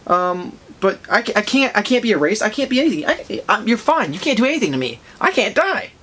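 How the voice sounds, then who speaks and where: A man reading a cocky, boastful comic-book villain, pitched a bit above his normal voice. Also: very animated, fairly quick, bright, forceful tone, heavily acted. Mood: coaxing, boastful. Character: cocky, arrogant male time-travelling villain.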